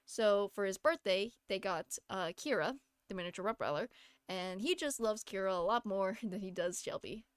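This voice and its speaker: Chatty young woman streamer, smooth voice. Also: medium pitch, animated, normal speed, dry recording. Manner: rambling, chatty, laughs often. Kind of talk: casual chat while gaming.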